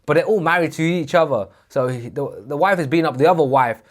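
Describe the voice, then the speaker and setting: A man co-hosting a podcast, telling a story in a casual, animated way and acting out the people in it. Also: fairly high pitch, quick pace. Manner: animated, acts out voices in his story. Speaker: podcast co-host.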